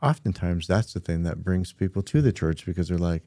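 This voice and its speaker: Male pastor and podcast co-host, very low and mellow voice, earnest and emphatic delivery. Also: brisk, dry recording, studio quality. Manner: earnest, animated emphasis on key points. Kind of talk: casual conversation about church.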